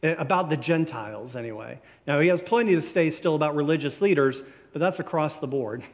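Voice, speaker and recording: Male pastor, slightly high voice, easy conversational preaching that slows for key lines; long church reverb. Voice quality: conversational, warm storytelling delivery with slow emphatic phrases. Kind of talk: sermon. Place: church sanctuary.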